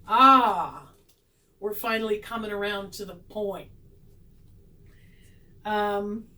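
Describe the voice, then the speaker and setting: A woman's voice: mid-range voice, level tone, slow pace, slight background noise, rough recording. A woman vlogging a tarot reading in a casual, sarcastic, self-mocking way, laughing often.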